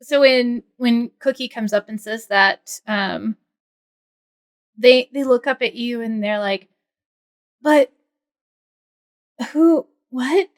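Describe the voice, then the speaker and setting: A woman narrating as game master of a tabletop game, chatty with many fillers. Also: a little high. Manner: chatty, lots of fillers, quick voice switches for characters.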